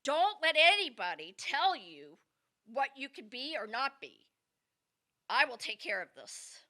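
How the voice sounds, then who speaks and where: A woman's voice: high voice, big pitch swings, measured pace, bright, forceful tone, exaggerated voice. Woman playing a firm protective mother. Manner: firm, reassuring, stern. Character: firm, protective mother, small but fierce.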